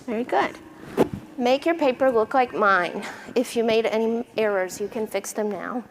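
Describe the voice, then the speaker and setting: Casting: American woman, literacy lecturer addressing teachers, schoolroom clarity, a touch higher voice, light room hiss. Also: low-quality recording. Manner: teacherly, clear, checks in with "right?"; slows and stretches words when modeling sounds. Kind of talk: seminar lecture with a spelling demonstration.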